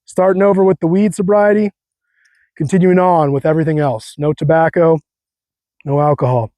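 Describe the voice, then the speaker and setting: A man's voice: fairly high pitch, steady tone, normal speed, warm tone, no room sound. Earnest fired-up young man, dry sound. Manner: earnest, fired-up, slangy, repeats phrases. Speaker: host. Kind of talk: casual faith talk to viewers.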